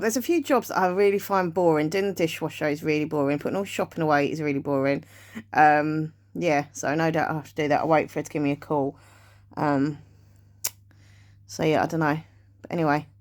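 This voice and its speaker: A woman's voice: low voice, a little mellow. Chatty woman vlogging. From England. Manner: rambling, chatty, thinking aloud to the camera. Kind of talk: casual day-in-the-life vlog chat. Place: at home, then out and about.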